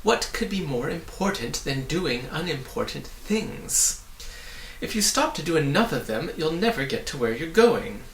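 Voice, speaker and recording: A man voicing a sly, menacing demon of petty tasks who snarls and then coaxes in a soft, deceitful voice. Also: on the high side, big pitch swings, a little slow, vocal fry, pitched above the performer's own voice, exaggerated voice. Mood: gloating. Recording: echoey room.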